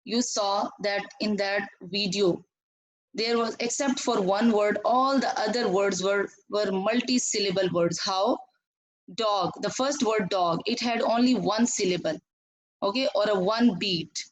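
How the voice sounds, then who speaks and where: A woman's voice: medium pitch, unhurried, poor audio. Woman teacher, pakistani english accent, explains step by step and keeps asking the kids questions. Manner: explains step by step, repeats and asks students questions. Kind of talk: recorded classroom lesson.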